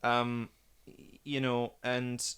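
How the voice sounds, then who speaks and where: A man's voice: mid-range voice, monotone, takes it slowly, fairly bright tone, smooth. A man in a casual podcast chat, talking about a film with rambling, enthusiastic gushing. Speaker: film review podcast guest watching for the first time.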